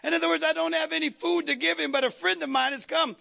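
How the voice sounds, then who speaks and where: Pastor, man, animated sermon with call-and-response, bright, sharp tone. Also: extremely high pitch, fast, vocal fry. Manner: dramatic, humorous, call-and-response preaching.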